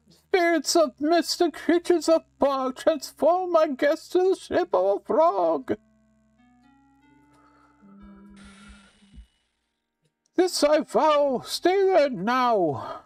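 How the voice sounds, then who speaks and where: A man's voice: extremely high pitch, animated, slow, dry recording, recorded from a distance, voice pushed up, exaggerated voice. A man voicing an old female swamp witch who is cruel and mocking. She chants rhyming spells in a sing-song way and taunts the listener. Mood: taunting.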